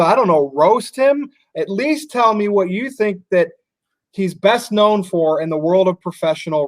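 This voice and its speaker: A man's voice: high voice, no room sound. A man co-hosting a wrestling podcast, chatting casually and tossing questions to his partner. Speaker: podcast co-host.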